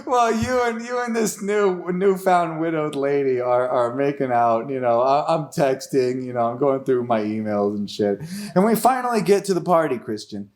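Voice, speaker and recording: A man's voice: medium pitch, moderate pace, hardly any pauses, a little mellow. A young man hosting an improvised comedy podcast, narrating the story, laughing often and stumbling over restarts.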